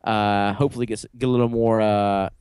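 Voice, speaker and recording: A man's voice: on the low side, level tone, fast talker, a little mellow, smooth, no echo, studio quality. A man co-hosting a casual podcast, jokey and rambling, riffing with his friends. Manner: jokey, rambling, slips into mock accents. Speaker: podcast co-host. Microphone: studio mic, live stream.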